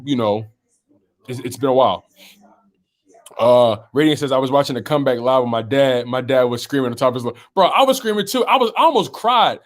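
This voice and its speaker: A man hosts a casual sports talk live stream. He reads viewer comments aloud one after another and answers each in an easygoing, chatty way, in a mid-range voice. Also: mid-range voice.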